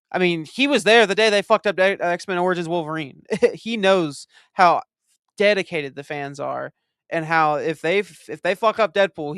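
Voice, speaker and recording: Excitable, profane man doing movie commentary. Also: on the high side, creaky, clean tone, no room sound, studio quality. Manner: excitable, profane, animated storytelling.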